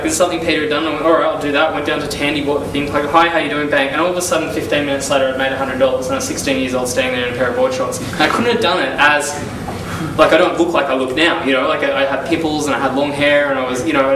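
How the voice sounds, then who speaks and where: A young business consultant gives a testimonial about his early business days, telling it casually and with animation while acting out phone calls and quoting the people he spoke with. His pitch is middling. Recorded from a distance in an echoey room, he sounds set back from the mic with steady noise behind him.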